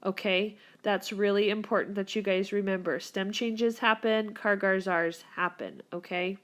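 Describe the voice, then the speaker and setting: A woman's voice: medium pitch, fairly even intonation, a little slow. A woman teacher recording a whiteboard grammar lesson for her students, upbeat and encouraging as she walks them through the rules. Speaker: Spanish teacher.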